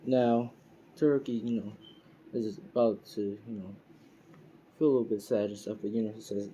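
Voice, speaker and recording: A man's voice: lowish voice, fairly even intonation, moderate pace, warm tone, slight background noise. A man casually retelling a fan-made story, rambling with lots of fillers and laughing at his own slips. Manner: rambling, full of fillers like "you know" and "pretty much".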